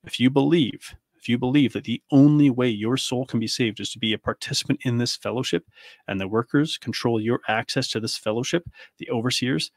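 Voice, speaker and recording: A man's voice: medium pitch, dry recording, studio quality. A man in his thirties hosting a podcast, delivering an angry, impassioned monologue full of rhetorical questions. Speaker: podcast host.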